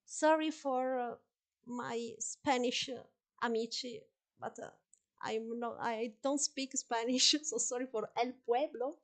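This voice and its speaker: A woman's voice: on the high side, fairly even intonation, a little slow. A woman with an Italian accent, a live streamer chatting casually while she plays, laughing often and apologizing for her English. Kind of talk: live-stream gameplay chat.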